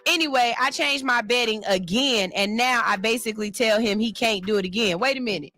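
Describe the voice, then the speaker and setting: Sassy lady radio host, bright tense voice, dry close studio mic, light music behind. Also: on the high side, brisk, no room sound. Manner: sassy, animated commentary with laughs. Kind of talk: casual radio chat reading a listener post.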